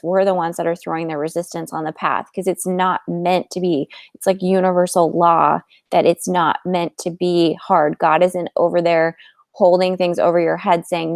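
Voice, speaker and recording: A woman's voice: fairly low pitch, level tone, moderate pace, gravelly, a little mellow, no echo, clean studio sound. A woman coach telling her own story to viewers in a candid, chatty way, with many "like"s. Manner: candid, chatty, heavy use of "like". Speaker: fertility coach. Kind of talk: casual personal storytelling to viewers.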